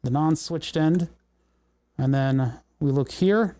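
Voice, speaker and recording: Hosting a casual livestream, a young man talks slowly through his electronics troubleshooting in a slightly high, mellow voice. He mutters and swears as things go wrong.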